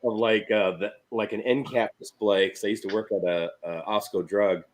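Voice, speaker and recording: A man co-hosting a casual stream, joking loosely and quick to laugh. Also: lowish voice, fairly even intonation, slight background noise, rough recording. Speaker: podcast co-host. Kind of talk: casual chat.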